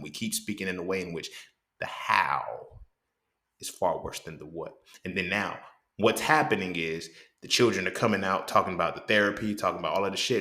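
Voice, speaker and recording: A man's voice: low-pitched, sharp tone. A man hosting a casual monologue, blunt and profane, who keeps checking in with the listener. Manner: blunt and profane, keeps asking "you feel what I'm saying?". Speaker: host. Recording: roomy echo.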